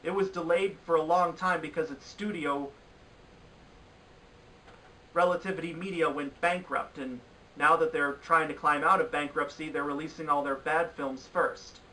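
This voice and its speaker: A man rants through a countdown of bad films with exasperated disbelief. His voice is bright and cutting and sits a little high. He sounds a bit away from the mic. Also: steady tone, moderate pace, recorded from a distance, a little hiss or hum, rough recording. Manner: exasperated, ranting critique. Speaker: film reviewer. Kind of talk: opinionated film review countdown.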